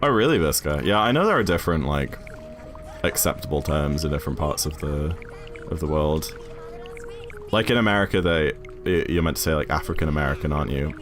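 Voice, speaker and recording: A man's voice: extremely low pitch, lively intonation, fairly quick, over music. A man with a British accent chatting casually and rambling while he streams a speedrun, laughing often. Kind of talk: casual chat while gaming.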